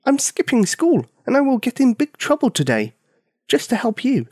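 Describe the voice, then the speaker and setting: A small, determined girl pipes up high and loud, pressing her point, as a male narrator puts her on. The pitch jumps well above his normal voice, in a storybook reading with a dry, close sound. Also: wildly swooping pitch, moderate pace, dry recording, full character voice. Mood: insistent. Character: small brave young girl, bold and insistent.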